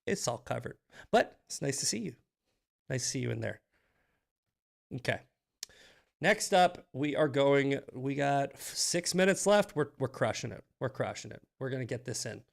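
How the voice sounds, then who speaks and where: A man's voice: medium pitch, expressive, normal speed, vocal fry. A man hosting a live political commentary stream, fired-up and profane, often restarting his sentences. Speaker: host.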